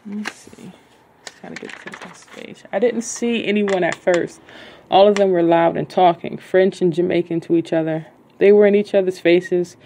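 Author reading her own book aloud: low, mellow woman, casual delivery, corrects her slips as she goes. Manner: halting, stops to correct her own misreadings. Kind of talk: casual read-aloud of a novel.

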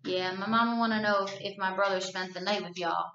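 A woman's voice: medium pitch, fairly even intonation, brisk, pushed and bright, reverberant, recorded from a distance, dull audio. A woman reading the part of a bold, chatty teenage girl who talks bluntly in casual slang, in a storybook reading.

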